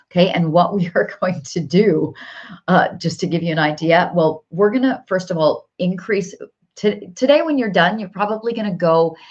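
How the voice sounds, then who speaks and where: A woman's voice: fairly low pitch, darkish tone. A woman business coach leading a live workshop, upbeat and encouraging, repeating phrases for emphasis. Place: home office with whiteboard. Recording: slightly dull lo-fi audio.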